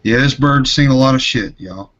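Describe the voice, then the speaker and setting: A man voicing a grizzled male emu who is a war veteran, telling war stories in a deadpan, mock-solemn way over a noisy online call. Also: medium pitch, normal speed, highs cut off, close to an everyday voice.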